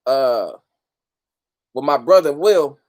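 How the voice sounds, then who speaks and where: A man's voice: mid-range voice, expressive, takes it slowly, darkish tone. A man hosting a casual livestream, greeting viewers by name and talking loosely with street slang and plenty of profanity. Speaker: host of a livestream talk.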